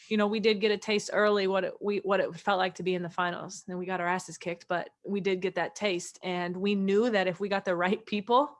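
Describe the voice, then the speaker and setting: A woman basketball player answers at a post-game press conference, relaxed and candid, laughing easily. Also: medium pitch.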